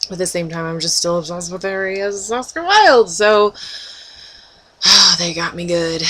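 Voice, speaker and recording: A woman's voice: medium pitch, moderate pace, pushed and bright, a little hiss or hum, rough recording. A young woman in a casual vlog, giddy and rambling, often laughing and breaking into squeals. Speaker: vlogger.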